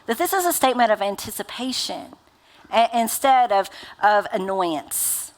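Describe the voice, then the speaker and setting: A woman's voice: mid-range voice, animated, moderate pace. A woman pastor in her thirties preaching a sermon in a chatty, conversational way, full of filler words. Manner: conversational, uses many fillers like "like" and "right?".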